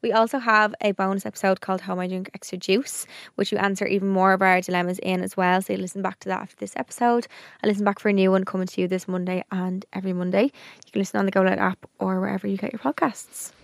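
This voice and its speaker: Fast-talking woman podcaster. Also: mid-range voice, level tone, creaky, no room sound, clean studio sound. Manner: chatty, reads sponsor lines. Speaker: podcast co-host. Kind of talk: casual chat.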